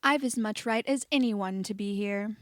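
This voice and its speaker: A woman's voice: medium pitch, moderate pace, dry recording, clean studio sound, lightly acted. A woman playing a sneering posh young man. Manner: mocking, sarcastic.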